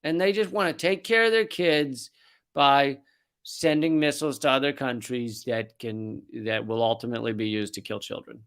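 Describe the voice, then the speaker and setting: A man's voice: mid-range voice, moderate pace, fairly bright tone, clean tone. A man hosting a comedic political rant, sarcastic and profane. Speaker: host.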